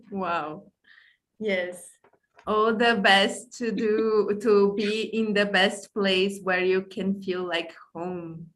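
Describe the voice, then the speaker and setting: Very slow-speaking woman host. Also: medium pitch, steady tone, fairly bright tone, low-quality recording. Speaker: podcast host. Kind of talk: interview host.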